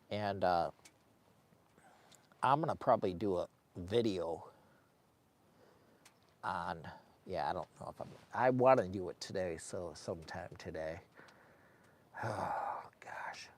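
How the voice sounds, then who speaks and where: A man's voice: fairly low pitch, expressive, unhurried, long pauses. Rambling man chatting from a hot tent. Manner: rambling, colloquial, emotional. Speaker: camping vlogger. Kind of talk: casual livestream chat. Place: inside a heated tent in the cold wind.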